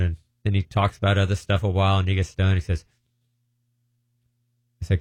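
A middle-aged minister telling a long, meandering testimony and often breaking off mid-sentence. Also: male voice, low voice, flat delivery, quick pace, darkish tone, dry recording. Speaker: deliverance minister. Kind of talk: rambling testimony storytelling.

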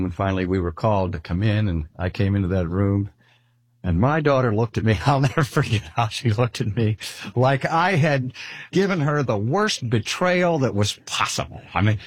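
An older man preaching a sermon, measured and deliberate, slowing down to stress key words. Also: medium pitch, dry recording. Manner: measured, with slow emphatic pauses. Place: speaking at a cancer hospital.

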